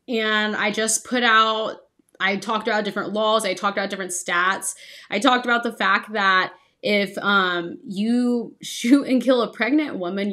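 A young adult woman co-hosting a podcast, telling a personal story in an earnest, animated way with frequent ums and likes. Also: on the high side. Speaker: podcast co-host.

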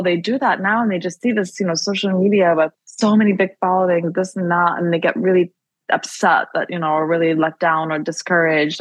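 A woman podcast host chatting over a video call, bubbly and talkative, laughing often and rushing into quick bursts. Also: fairly low pitch, no room sound. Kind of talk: casual interview chat.

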